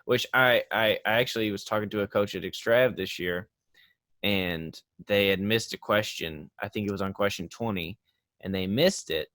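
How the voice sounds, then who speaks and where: A man with a lowish voice hosts a casual chat. He rambles through examples and turns animated as he makes a point, recorded dry and close with no room sound. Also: normal speed, no echo. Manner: rambling, restarts often, animated when making a point. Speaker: podcast host.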